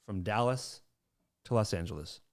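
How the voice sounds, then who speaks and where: A man's voice: fairly low pitch, moderate pace. A man co-hosting a podcast in casual chat, teasing his co-hosts, swearing freely and telling stories with lots of energy. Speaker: podcast co-host.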